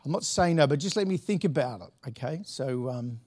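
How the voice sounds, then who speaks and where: A man's voice: medium pitch, animated, a little fast, darkish tone. A middle-aged man, a pastor telling a story from the pulpit in a chatty, laughing way with many restarts. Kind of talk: sermon anecdote.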